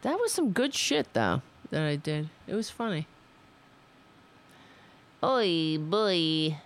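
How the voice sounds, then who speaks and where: Woman streamer, gravelly voice, swings widely in pitch, swears freely and talks to herself. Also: sing-song, slow pace. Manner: profane, self-scolding, rambling. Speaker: livestream host. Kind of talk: casual livestream chat.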